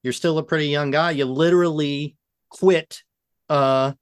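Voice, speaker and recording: A man interviewing two guests, asking measured, thoughtful questions. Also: fairly high pitch, steady tone, clean tone, no room sound, studio quality.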